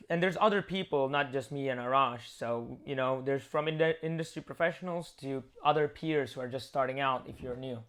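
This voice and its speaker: A man's voice: a little high, a bit bright, clear, resonant tone. Casual, joking male streamer. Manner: rambling, loose, joking. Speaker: game developer streamer. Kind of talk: casual livestream chat.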